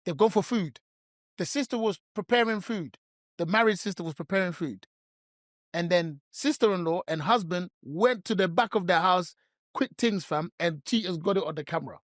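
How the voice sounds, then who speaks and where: A man's voice: high-pitched, moderate pace, no echo, studio quality. A man, co-hosting a podcast, telling stories casually with lots of slang and laughter. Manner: animated, laughs often, heavy slang. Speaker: podcast co-host. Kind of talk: casual storytelling chat.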